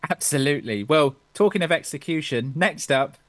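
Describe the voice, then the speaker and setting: A man's voice: a little high, lively intonation, moderate pace, fairly bright tone, no echo. A man hosting a casual football podcast, joking with the panel, laughing often and steering the talk between guests. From England. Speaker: podcast host.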